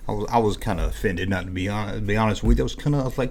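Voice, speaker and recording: A man's voice: on the low side, quick pace, few pauses. A man hosting his own video, telling a story casually and acting out scenes with sound effects. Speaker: vlog host.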